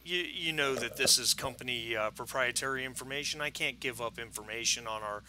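A man's voice: medium pitch, a little fast, a crowd in the background, close to an everyday voice, rough recording. A man voicing a stern older woman who runs a cab company desk, in his own plain voice and without an accent. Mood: stiff.

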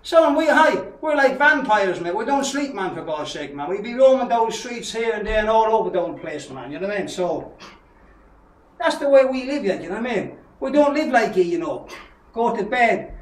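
A man's voice: very high voice, expressive, fairly quick, roomy sound, recorded from a distance. A man with an Irish Traveller accent, ranting in a taunting callout video, hurling repeated insults and mocking laughs. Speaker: vlogger issuing a challenge.

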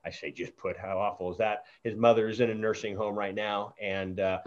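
A chatty man hosting an interview show, speaking in a halting way with many fillers and restarts. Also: fairly low pitch, fairly even intonation. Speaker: show host. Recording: dull lo-fi audio.

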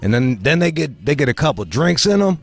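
A man's voice: on the high side, very animated, fairly quick, faint music behind. A man from Michigan hosting a podcast, telling stories in rambling, profane casual banter. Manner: rambling, profane, restarts a lot. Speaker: podcast host.

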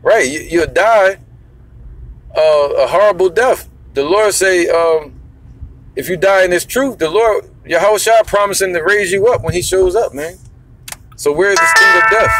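A man preaching bluntly and emphatically, swearing now and then and reading scripture slowly. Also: on the high side.

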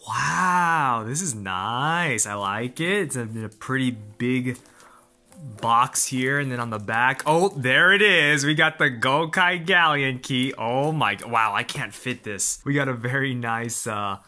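A man casually talking through a toy unboxing, excitable and gushing, often laughing and exclaiming. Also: medium pitch, a little slow.

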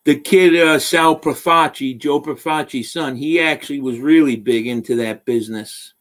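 A man drops into a live stream as a guest, blunt and wisecracking, swearing constantly. His voice sits a little high for a man. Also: normal speed. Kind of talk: casual chat.

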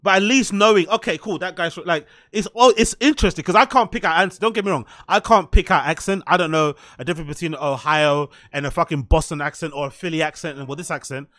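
A man's voice: a little high, quick pace, few pauses, fairly bright tone. A man with a London accent giving blunt, sarcastic reaction commentary. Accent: London English. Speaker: commentary streamer.

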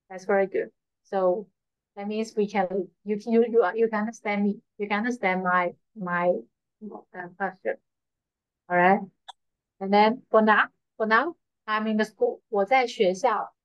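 A woman with a medium-pitched, steady voice teaches Chinese at a measured pace in a patient online lesson from a school. She repeats phrases slowly and uses frequent fillers, and the dry lo-fi recording sounds slightly dull.

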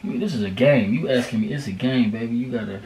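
A man's voice: medium pitch, fast talker, darkish tone, slight background noise. A young man co-hosting a casual couple challenge video, slangy and profane, coaxing and reassuring his partner. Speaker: vlogger co-host.

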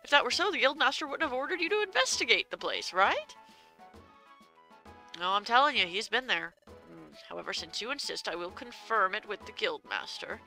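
A woman's voice: a little high, sing-song, normal speed, vocal fry, bright, forceful tone, soft background music, full character voice. A woman voicing a fussy, pompous male bird steward from a game, bossy and formal, reading the game's dialogue aloud. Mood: dismissive.

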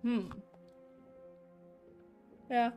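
A woman's voice: extremely slow, over music. A woman playing a story game, reading its narration aloud and breaking off into candid reactions. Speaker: let's play gamer. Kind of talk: reading game text aloud with casual commentary.

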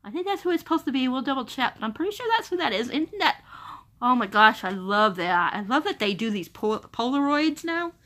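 Excitable young woman gushing over a book box, bright voice, keeps saying oh my gosh. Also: high-pitched, brisk. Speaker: book box unboxing vlogger. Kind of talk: casual unboxing chat.

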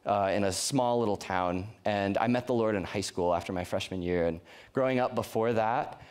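A man's voice: on the low side, normal speed, clear, resonant tone. A young man from Colorado preaching to a youth group in an earnest, conversational way, often restarting his sentences. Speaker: youth pastor. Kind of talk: sermon. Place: church youth service.

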